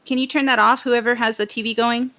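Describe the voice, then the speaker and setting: A woman's voice: a little high, fairly even intonation, fast, sharp tone. A woman hosting a panel call, putting direct questions to the guests.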